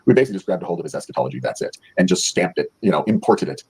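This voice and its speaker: A man in a casual livestream discussion who explains ideas quickly and agrees easily with the others. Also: low-pitched, expressive, darkish tone, breathy edge, low-quality recording.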